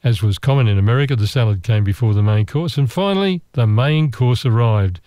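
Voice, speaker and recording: An Australian man telling a travel story in a relaxed, meandering, chatty way, with asides and restarts. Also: mid-range voice, smooth, dry recording. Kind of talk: relaxed travel anecdote monologue.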